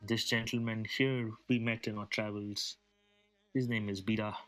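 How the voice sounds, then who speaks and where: A man's voice: on the low side, level tone, normal speed, a bit bright, natural voice. A man playing an overly polite desert wanderer. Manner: overly polite, flowery speech. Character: courteous male desert wanderer.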